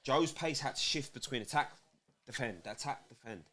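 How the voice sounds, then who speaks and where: A man's voice: mid-range voice, normal speed, pushed and bright. Blunt British man analysing a fight. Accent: British English. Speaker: co-host, boxing pundit. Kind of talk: casual fight commentary chat.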